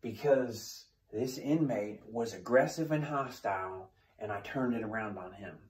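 A man's voice: on the low side, a little slow, a little mellow. A male defensive tactics instructor telling a story as a lesson, plain-spoken, asking questions and answering them himself. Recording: echoey room.

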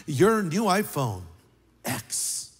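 A pastor delivers a sermon in a loose, joking, conversational way, his somewhat high voice jumping up for emphasis. The sound carries a long reverb from a large hall. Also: very slow, slight background noise. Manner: conversational, joking preacher with lively pitch swings.

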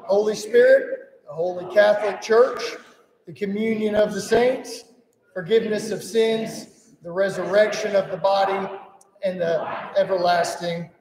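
A man serving as pastor, reciting the creed in a steady liturgical way in a church. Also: high-pitched, unhurried, crowd noise. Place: church sanctuary. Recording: echoey hall with congregation.

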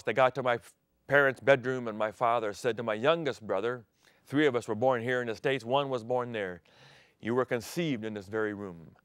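A middle-aged man who grew up in Thailand, preaching a sermon with sudden swings from loud declaring to near-whispers. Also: medium pitch, smooth, dry recording. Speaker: pastor.

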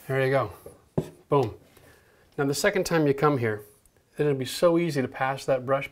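A middle-aged man teaching a hands-on painting lesson in an energetic, coaching way, checking in often with "okay?". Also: fairly high pitch. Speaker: home renovation instructor.

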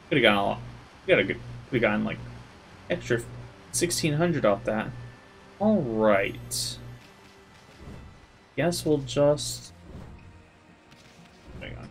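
A man's voice: mid-range voice, very animated, unhurried, pauses often, soft background music. Chatty man commenting on a game. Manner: loose, chatty, laughing asides. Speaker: gaming video host. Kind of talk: casual game playthrough commentary.

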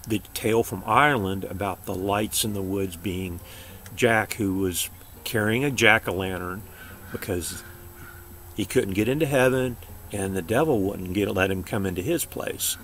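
Older man with a gravelly voice reading a story. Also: on the low side, moderate pace, a bit bright, a little hiss or hum. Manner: chatty, digresses to explain. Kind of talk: reading a story aloud for children.

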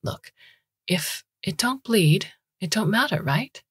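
A woman voicing a middle-aged woman doctor who talks softly in a wry, casual way. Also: mid-range voice, expressive, takes it slowly, slightly rough, no room sound, clean studio sound, pitched above the performer's own voice, heavily acted. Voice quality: soft.

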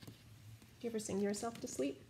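A woman with a fairly high voice reads a children's picture book aloud. She stops often to chat and quiz her young listeners in a friendly read-aloud style. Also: fairly quick, dark tone, a little hiss or hum. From United States. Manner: chatty, asks listeners questions. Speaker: storybook reader.

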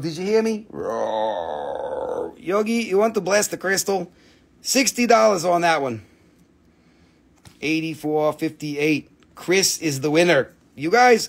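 Playful man hosting a live sale. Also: high voice. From Appalachian region of the United States. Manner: playful, goofy, jokey wordplay. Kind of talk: casual live auction chat.

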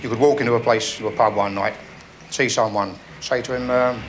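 A man's voice: medium pitch, steady tone, fairly quick. A Cockney man who served as a police officer, with a mid-range voice, explaining slang patiently and acting out short exchanges. Faint background noise sits under his speech. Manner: explanatory storyteller, acts out dialogue. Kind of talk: interview anecdote.

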